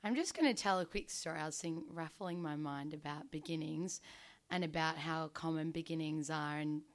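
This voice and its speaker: A woman's voice: deep voice, moderate pace. Rambling young woman telling a story. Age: 20s. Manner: rambling, casual, lots of ums and likes. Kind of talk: unscripted personal storytelling.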